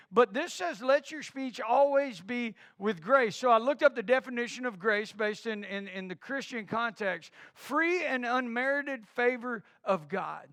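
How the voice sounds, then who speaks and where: A man's voice: extremely high pitch, a bit bright, dry recording. A middle-aged man preaching a sermon as a pastor, who drives his point home with repeated rhetorical questions.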